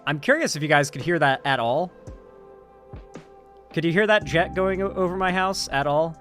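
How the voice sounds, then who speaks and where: A man's voice: on the high side, expressive, moderate pace, fairly bright tone. Male streamer, sore-throated, rambling and profane, light music bed. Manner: rambling, profane, sarcastic asides. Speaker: political commentary streamer. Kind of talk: casual live-stream commentary.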